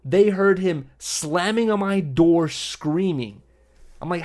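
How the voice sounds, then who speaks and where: Young man with a highish voice. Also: a little slow. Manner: profane, animated, full of "bro" and "like". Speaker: livestream host. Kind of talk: casual storytelling to stream chat.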